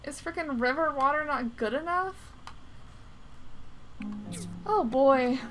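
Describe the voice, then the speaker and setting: A woman's voice: high-pitched, takes it slowly, a bit bright, faint music behind. A young woman giving casual, chatty gameplay commentary, often exasperated and grumbling mildly. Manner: exasperated, chatty, mild swearing. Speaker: gaming streamer.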